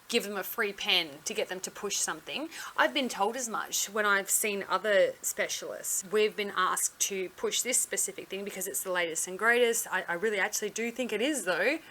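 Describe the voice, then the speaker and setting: A woman's voice: medium pitch, bright, forceful tone. A woman telling a story on her vlog in a blunt, sarcastic way, swearing freely. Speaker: vlogger.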